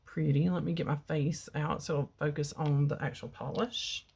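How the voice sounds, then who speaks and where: A middle-aged woman with a slightly low voice talks through her nail supply haul in a relaxed, chatty way. She sits at home with the camera mic picking her up, pausing to peer at colors. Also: creaky, slightly rough. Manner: chatty, baby-talks her cat in a high cooing voice. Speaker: beauty vlogger. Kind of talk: casual product haul chat. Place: home bedroom.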